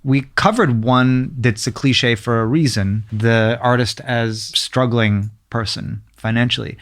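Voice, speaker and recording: A man speaks slowly and deliberately in an everyday mid-range voice. He is thoughtful and measured, taking his time to reach his point in casual conversation. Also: mid-range voice.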